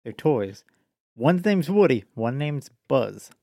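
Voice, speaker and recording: A man's voice: medium pitch, big pitch swings, takes it slowly, vocal fry, dark tone, dry recording, clean studio sound. A man co-hosting a podcast in casual chat, teasing and sarcastic, laughing often. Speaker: podcast co-host.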